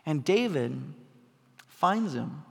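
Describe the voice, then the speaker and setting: A pastor preaching a sermon in a conversational style, asking the congregation questions and building to emphatic peaks. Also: male voice, a little high, sing-song, takes it slowly, creaky. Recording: long hall reverb.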